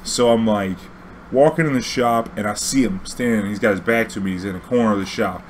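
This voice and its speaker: A young man telling a story casually, profane and animated, acting out dialogue. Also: fairly low pitch, fairly quick, slight background noise.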